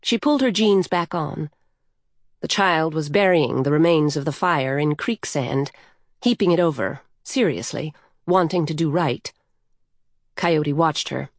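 A woman narrating a story in an unhurried, measured way. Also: low voice, dry recording, clean studio sound.

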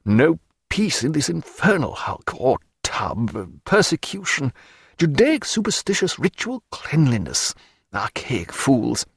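A man's voice: mid-range voice, very animated, moderate pace, husky, no echo. A fussy, learned ship's doctor with a whining, snarling edge, as a man puts him on. His voice swings up and down as he talks, recorded dry and close. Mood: irritable.

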